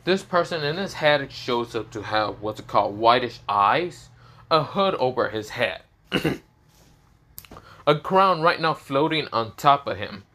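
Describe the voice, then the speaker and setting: A man's voice: mid-range voice, lively intonation, a little slow, sharp tone. A man with a sore throat telling an improvised fan story, rambling and full of fillers and restarts.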